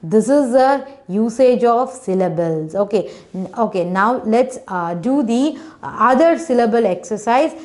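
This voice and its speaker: A woman's voice: fairly high pitch, animated, a little slow, a little mellow. A woman teacher, patiently sounding out words and syllables for children in an online phonics class. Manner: patient, repetitive teacher talk, sounding out letters, frequent "okay".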